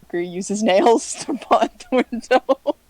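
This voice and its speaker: A woman's voice: fairly high pitch, lively intonation, normal speed, darkish tone, no room sound. A woman plays her character in a tabletop game. Her talk is casual and loose, with laughs and swearing, in a slightly raised voice. The sound is dry and close. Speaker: player.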